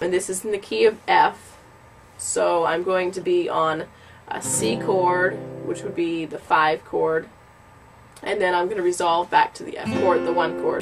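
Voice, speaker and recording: A woman with the tail end of a cold giving a casual yodeling lesson, explaining slowly and patiently with many ums. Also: on the low side. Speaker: yodeling teacher.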